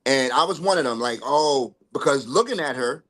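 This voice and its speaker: A mid-pitched man chatting on a casual podcast. He speaks candidly but hedges his words, careful not to sound disrespectful. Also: animated, a little fast, a bit bright. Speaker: podcast co-host.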